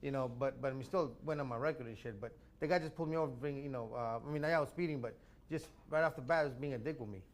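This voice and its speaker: A young adult man from the United States, a comedian telling a story in casual chat, animated and often repeating words as he stammers. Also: mid-range voice, fast talker. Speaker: comedian guest.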